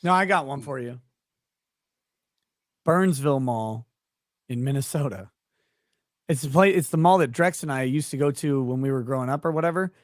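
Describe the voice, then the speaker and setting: A man's voice: medium pitch, moderate pace, pauses often, dry recording. Rambling man telling stories, dry close mic. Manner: rambling storyteller, loose and profane. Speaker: host. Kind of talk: casual chat among friends.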